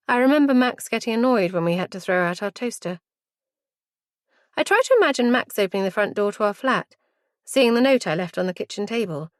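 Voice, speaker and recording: A woman narrating a story in the first person, reflective and measured. Her voice is recorded very dry and close, with no room sound at all. Mid-pitched and steady. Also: no echo. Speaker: audiobook narrator.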